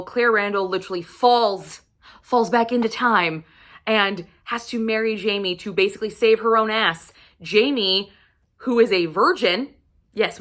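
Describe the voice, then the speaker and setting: A woman vlogger recommending romance books to camera, gushing and swearing freely, sometimes dropping into a breathy whisper. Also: mid-range voice, bright, forceful tone. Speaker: book reviewer. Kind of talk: casual book recommendation vlog.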